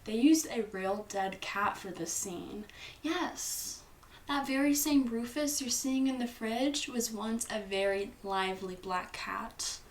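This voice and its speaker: A woman's voice: a little high, slow, echoey room, recorded from a distance. A young woman hosting a casual movie recap, chatty and playful, acting out the characters' lines. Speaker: host.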